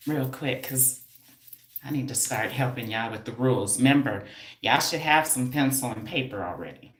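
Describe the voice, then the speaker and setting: Loud teasing woman live from home. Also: rumbling low, normal speed, roomy sound. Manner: loud, teasing, calls out to viewers. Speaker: hair stylist and educator. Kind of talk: casual live stream talk.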